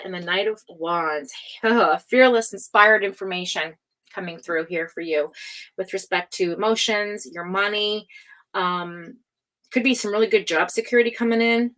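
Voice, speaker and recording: A woman's voice: mid-range voice, a bit bright, rough recording. A woman hosting a live tarot reading, talking in a chatty, meandering way and calling viewers affectionate pet names. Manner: chatty and affectionate, calls viewers cutie pie; meandering, full of fillers and restarts. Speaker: tarot reader hosting a livestream.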